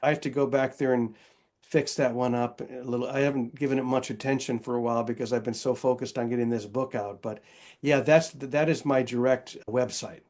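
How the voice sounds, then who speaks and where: A man speaking as a podcast guest in an earnest, reflective tone, with a mid-range pitch. He often restarts his phrases mid-thought as he explains things. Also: fairly even intonation, brisk, a little mellow. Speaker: guest, author and Episcopal priest. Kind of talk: casual interview conversation.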